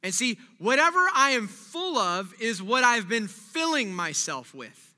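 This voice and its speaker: High, bright-voiced preacher in a reverberant hall. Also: male voice, unhurried. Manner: swings from quiet reflection to loud animated preaching. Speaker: pastor. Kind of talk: sermon. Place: church. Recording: long reverb of a large hall.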